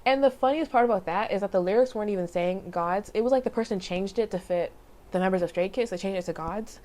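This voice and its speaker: In a laid-back vlog, a young woman tells a personal story in a rambling way, full of fillers, frequent self-corrections, restarts and little laughs. She speaks quickly at a medium pitch, and her voice is a little mellow.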